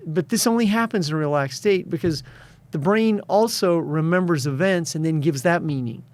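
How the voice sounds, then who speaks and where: A man's voice: fairly high pitch, moderate pace. Confident man coaching on an interview. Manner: storytelling, acts out quoted voices. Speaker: guest, success and addiction coach. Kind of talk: interview conversation.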